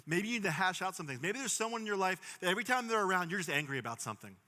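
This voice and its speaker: Young male pastor preaching; fairly high, bright voice with long church reverb; earnest, swings loud and soft. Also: lively intonation, rapid-fire. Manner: earnest, rising to emphatic bursts then dropping soft. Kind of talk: sermon.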